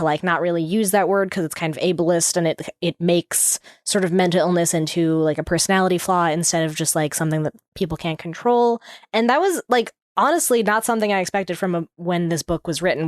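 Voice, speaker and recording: A woman's voice: on the low side, no room sound. Young female podcast co-host, giggly, chatty, close dry sound. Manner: chatty, giggly, lots of fillers. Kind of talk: casual book discussion.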